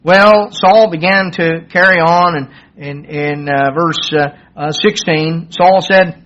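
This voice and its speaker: A man's voice: sits high, expressive, unhurried, fairly bright tone. A man preaching a sermon, retelling a Bible story in a conversational way and acting out the quoted dialogue with a raised voice. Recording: dull lo-fi sermon recording.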